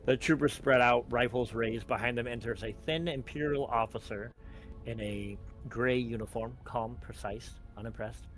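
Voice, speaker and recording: A man's voice: mid-range voice, fairly even intonation, moderate pace, soft background music. A man narrating a tabletop game as game master, casual and rambling. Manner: casual, rambling with many likes.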